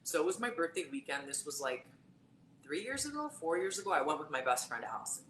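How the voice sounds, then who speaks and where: This woman, a psychic tarot reader, tells a personal tale on a live stream in a low, very animated voice, talking quickly with a slightly bright tone. Her storytelling is chatty and full of fillers, recorded with a roomy echo and faint background noise.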